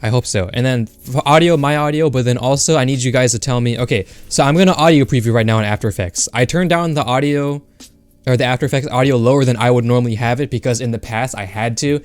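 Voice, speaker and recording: A young man chats on a home livestream into a desk mic, rambling and blunt with plenty of fillers and profanity. His voice sits in a middle pitch. Faint music plays behind him. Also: fast, smooth, no echo. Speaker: streamer. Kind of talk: casual livestream chat. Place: home streaming setup.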